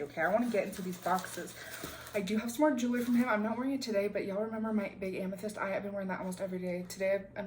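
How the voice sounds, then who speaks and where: A woman's voice: mid-range voice, slight background noise, low-quality recording. A young woman chatting casually at home as she unboxes crystals, bubbly and full of fillers. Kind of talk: casual chat. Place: room at home.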